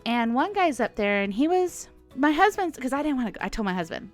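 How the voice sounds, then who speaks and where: A woman's voice: a little high, fairly quick, soft background music. Chatty woman, laughing storyteller. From United States. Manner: chatty, laughs often, animated retelling. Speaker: podcast host. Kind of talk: casual storytelling monologue.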